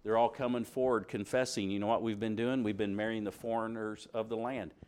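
A man's voice: on the low side, steady tone, a little fast, darkish tone, clear, resonant tone. A middle-aged man preaching a sermon, reading scripture aloud and asking his congregation questions.

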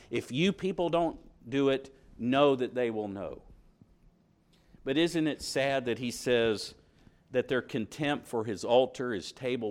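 A middle-aged man preaching a sermon, reading scripture aloud and asking his congregation questions. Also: medium pitch.

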